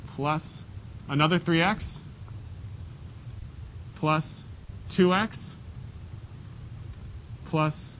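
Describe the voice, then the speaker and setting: On a dull, lo-fi classroom recording with faint hiss, a male math teacher with a fairly bright, somewhat high voice takes his class through problems step by step. He sprinkles joking asides into the lesson.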